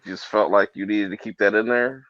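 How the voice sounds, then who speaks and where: A man's voice: on the low side, fairly even intonation, normal speed, a bit bright, no room sound, muffled recording. A man co-hosting a casual talk show, joking with crude slang and frequent laughter. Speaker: podcast co-host. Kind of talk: casual chat.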